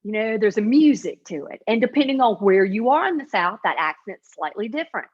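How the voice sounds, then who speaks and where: A woman's voice: medium pitch, very animated, brisk, husky. Nasal upstate Carolina woman, dull audio. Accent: upstate South Carolina Appalachian. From upstate South Carolina. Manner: chatty, many fillers and restarts. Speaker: author and comedy creator. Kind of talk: interview answers.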